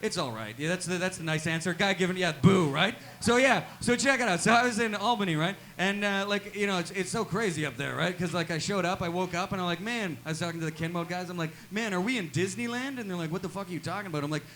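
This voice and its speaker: A man performing a stand-up comedy set in a small live venue, delivering deadpan one-liners and tagging nearly every line with "right?". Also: sits high, quick pace, hardly any pauses.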